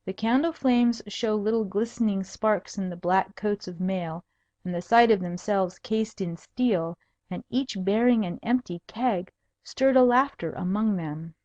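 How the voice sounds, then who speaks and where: A woman's voice: medium pitch, measured pace, darkish tone, no room sound. Woman narrating a storybook, dull and dry. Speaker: audiobook narrator.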